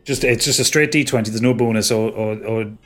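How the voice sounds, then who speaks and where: A man's voice: lowish voice, a little fast, a bit bright, soft background music. A man narrating as game master of a tabletop game, rambling and hesitant with fillers.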